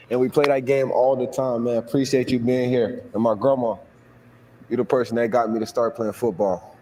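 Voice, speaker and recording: A young man from Florida speaks from a stage in a big reverberant hall, his voice at an ordinary pitch. He gives a heartfelt, emotional acceptance speech in loose, casual slang and repeats his thanks. A faint hum of noise sits under the room echo. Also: a little mellow. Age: young adult. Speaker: award winner giving a speech.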